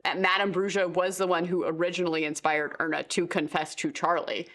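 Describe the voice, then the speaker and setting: A woman's voice: lowish voice, steady tone, brisk, fairly bright tone. A woman player chatting casually in a studio about a tabletop game, rambling with many fillers and restarts. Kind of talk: casual chat.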